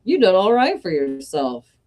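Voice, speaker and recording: Worn-out old man ghost, halting and flat, put on by a woman narrator, slow. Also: fairly low pitch. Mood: matter-of-fact. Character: weary old male ghost, exasperated.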